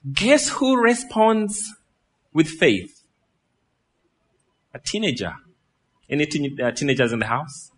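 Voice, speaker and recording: Pastor preaching with a fraying voice. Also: male voice, a little high, slow pace, pauses often. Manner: lively, asks the crowd questions, laughs. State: losing his voice. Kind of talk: sermon.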